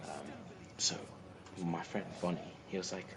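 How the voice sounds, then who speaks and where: A man hosting a livestream, chatting casually and telling an animated anecdote, acting out the people he quotes. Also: low-pitched, a little slow, gravelly. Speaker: livestream host. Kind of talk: casual storytelling to a co-host. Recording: noisy livestream audio.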